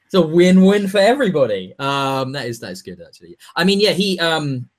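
Guy with a bit of a high voice just rambling on, sweary, repeats himself. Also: very animated, a little fast. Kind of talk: casual chat.

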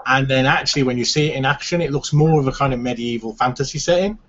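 A man co-hosting a casual gaming chat, speaking in a measured, thoughtful way. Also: medium pitch, a loud crowd. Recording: lo-fi sound with faint noise.

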